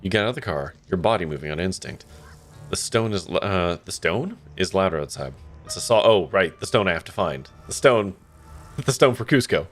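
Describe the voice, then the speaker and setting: A man with a low-pitched voice and lively intonation speaks at a moderate pace, with faint music in the background. Streaming a story game as live let's-play commentary, he reads the narration aloud and reacts with wry asides and swearing.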